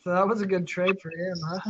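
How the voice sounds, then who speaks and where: A man with a high voice hosts a casual livestream chat over a video call, loose and chatty, laughing easily. The audio is dull and lo-fi, with a faint hiss underneath. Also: lively intonation, normal speed. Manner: chatty, laughs often, many fillers. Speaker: live stream host. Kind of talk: casual chat reading viewer questions.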